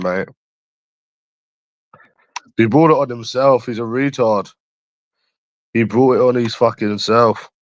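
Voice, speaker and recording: A man's voice: mid-range voice, no echo, dull audio. A young man from London chatting on a livestream, crude, taunting and repeating himself as he answers viewers. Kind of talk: casual chat answering viewers.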